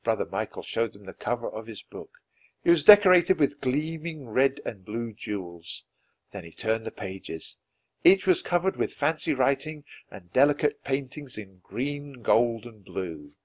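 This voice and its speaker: Expressive man reading a children's story. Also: medium pitch, a little slow. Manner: expressive and lively. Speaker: storybook reader. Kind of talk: children's story read-aloud.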